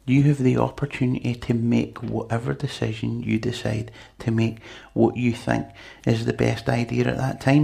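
Male preacher, conversational sermon delivery, husky with gravel. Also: mid-range voice, level tone, normal speed, hardly any pauses, warm tone. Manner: conversational, chatty with asides to the congregation.

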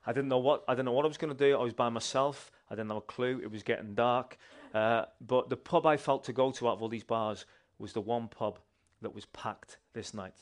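A man, a church member giving a personal testimony in an animated, conversational way with restarts. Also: medium pitch, brisk, hardly any pauses.

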